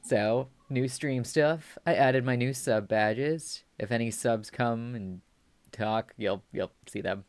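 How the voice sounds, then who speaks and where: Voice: medium pitch, slow pace, no room sound. A streamer chatting casually and rambling, often restarting and laughing at themself. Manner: rambling, self-deprecating, giggly.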